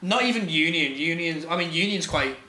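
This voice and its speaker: Chatty bright-voiced man, echoey room. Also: on the high side, expressive, a little fast. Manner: rambling, lots of "like" fillers. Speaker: band member co-host. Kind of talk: casual radio banter. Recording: echoey room, faint noise.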